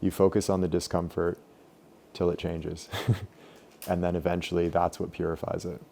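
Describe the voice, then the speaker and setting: A man's voice: sits low, moderate pace, creaky, a little hiss or hum. A young man leading a group meditation class in a casual, loose way, full of filler words. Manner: relaxed, loose, many "like" fillers. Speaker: meditation teacher.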